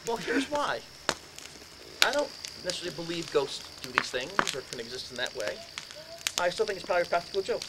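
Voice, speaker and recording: A man gives a lecture in a room, telling his story with animated energy and acting out each exchange. His voice sits a little high for a man. Steady noise runs under the recording.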